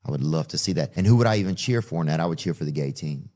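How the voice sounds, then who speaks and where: A man's voice: a bass voice, animated, rapid-fire, warm tone. A man with a Southern US accent hosting a podcast, joking and drawling, laughing often. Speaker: podcast host. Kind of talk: casual podcast banter.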